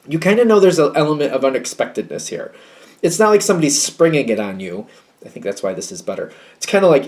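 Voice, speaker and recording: A man's voice: on the high side, lively intonation, fast talker, a little mellow. A man giving a casual tarot reading, rambling and thinking aloud, acting out little quoted exchanges. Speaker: tarot reader.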